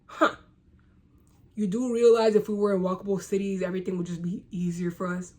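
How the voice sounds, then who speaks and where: A woman's voice: medium pitch, little pitch movement, a little fast, a little mellow. A young woman vlogger from the United States, ranting to camera in a loose, casual monologue. She is blunt and sarcastic, and she swears freely.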